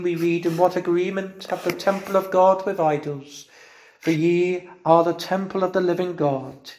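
Male preacher, slow deliberate delivery, fervent, slightly high voice, roomy echo. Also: a little mellow. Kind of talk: sermon.

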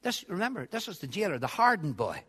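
Man preaching, high bright voice, quiet then shouting, long echoing hall. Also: big pitch swings, quick pace, husky. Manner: swings from quiet to loud shouting. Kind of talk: sermon.

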